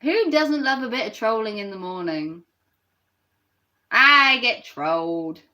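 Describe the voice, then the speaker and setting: A woman's voice: fairly high pitch, lively intonation, takes it slowly, sharp tone. A woman ranting on a live stream and reacting to her chat, sarcastic and mocking.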